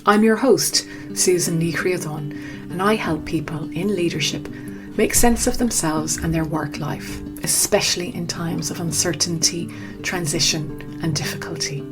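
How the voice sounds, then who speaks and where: A woman's voice: on the low side, moderate pace, over music. A woman hosting a podcast, speaking in a reflective, conversational way. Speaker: podcast host. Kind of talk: podcast interview.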